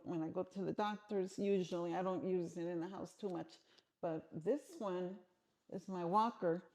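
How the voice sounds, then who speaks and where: Middle-aged woman in an interview, low-ish warm voice, talks frank and plain, restarts a lot. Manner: frank, conversational, frequent restarts. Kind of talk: candid interview answers.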